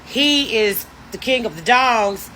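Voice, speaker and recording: Woman in her 50s spilling a story, bright sharp voice, blunt and cussing, super animated. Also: fairly high pitch, slow pace, a little hiss or hum, low-quality recording. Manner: blunt, profane, animated retelling. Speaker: storyteller vlogger. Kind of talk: casual storytelling.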